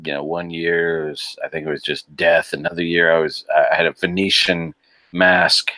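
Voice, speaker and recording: A man with a very low voice, talking in a casual podcast chat. He is animated, laughs often and restarts his sentences. The sound is dry and close. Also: normal speed, dry recording. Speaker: podcast guest.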